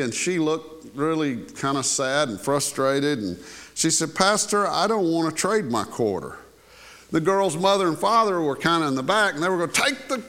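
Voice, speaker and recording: Pastor guy, folksy storytelling sermon, kinda higher voice for a man, chatty asides. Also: fairly bright tone.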